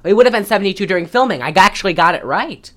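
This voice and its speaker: A woman's voice: mid-range voice, expressive, rapid-fire, a bit bright. A woman hosting a podcast, recapping a film in casual chat and rambling with many fillers. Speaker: podcast host.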